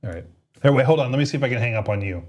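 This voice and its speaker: A man's voice: mid-range voice, expressive, a little mellow. A man co-hosting a tech livestream, chatting casually and laughing often while testing gear. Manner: laughs often, quick and playful. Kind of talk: casual chat.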